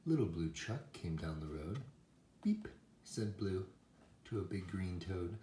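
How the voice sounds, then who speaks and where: A man reading a children's picture book aloud in a slow, expressive, sing-song way, with animal sounds. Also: low-pitched. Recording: echoey room with faint noise.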